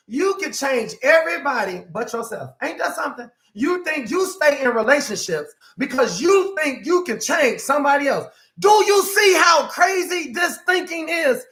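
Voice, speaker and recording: High, bright-voiced preaching life coach man. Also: sing-song, moderate pace, few pauses. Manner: preacherly, emphatic, swings from soft to shouting; acts out quoted speakers in exaggerated voices. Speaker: self-empowerment life coach. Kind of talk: preaching motivational talk.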